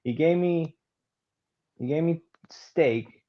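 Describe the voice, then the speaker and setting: A man's voice: fairly high pitch, takes it slowly, lo-fi sound. A man co-hosting a podcast, talking casually and a bit roundabout, often laughing. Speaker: podcast co-host. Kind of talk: casual chat.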